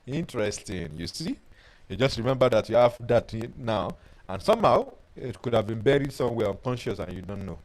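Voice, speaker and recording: A man, a life coach teaching a webinar and telling personal stories in an animated way. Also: mid-range voice, brisk, poor audio. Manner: animated storyteller who reads out viewer comments.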